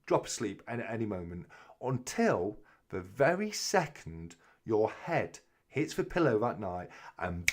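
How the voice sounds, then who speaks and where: A man's voice: mid-range voice, sing-song, moderate pace. A man hosting a casual live-stream chat, chatting away as he reads viewer comments aloud and answers them.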